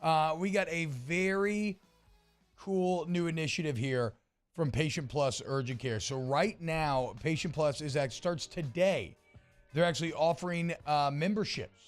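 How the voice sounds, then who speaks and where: A man, co-hosting a sports radio show, chatting casually and reading ads with energetic, salesy slang. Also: a little high, measured pace, soft background music. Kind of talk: casual sports talk and live ad reads.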